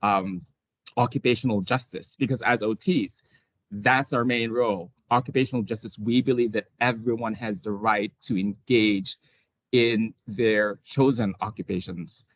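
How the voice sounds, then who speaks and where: A man's voice: lowish voice, fairly even intonation, normal speed, no room sound. A man, an occupational therapist, talking casually as an interview guest, hesitant with many restarts and frequent laughs.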